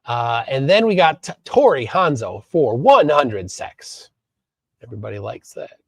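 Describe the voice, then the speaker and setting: A man from Minnesota hosting a live stream, reading chat aloud and commenting in a halting way with many fillers. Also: mid-range voice, sing-song, slightly rough, no room sound. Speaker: livestream host.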